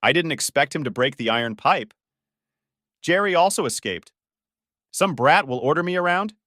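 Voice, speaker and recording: A man's voice: a little high, lively intonation, moderate pace, bright, forceful tone, no echo, pitched above the performer's own voice. A man voicing a beaten, sullen young bully who answers submissively. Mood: resentful.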